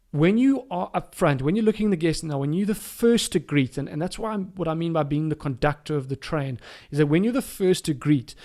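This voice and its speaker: A man's voice: on the high side, darkish tone. A middle-aged man with a South African accent giving a caddie training webinar, emphatic and coaching, repeating his key words for stress.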